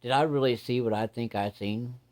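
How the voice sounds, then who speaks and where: A man voicing an older rural hunter in a story, gruff, blunt and superstitious, with folksy talk. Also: medium pitch, moderate pace, darkish tone, lightly acted.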